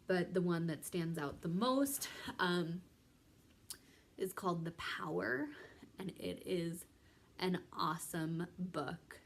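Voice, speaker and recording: A young woman vlogger chatting casually to camera, rambling with many ums and restarts. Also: fairly low pitch. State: pregnant.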